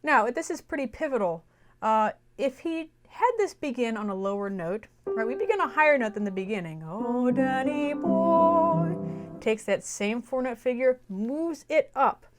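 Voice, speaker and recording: With a fairly high, lively voice at a normal pace, a young woman gives a music lesson. She explains a melody and then sings short phrases to show how it goes.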